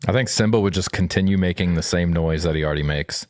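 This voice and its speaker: A young man co-hosting a podcast in casual chat, animated and jokey, with frequent swearing. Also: low voice, quick pace, dry recording. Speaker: podcast co-host.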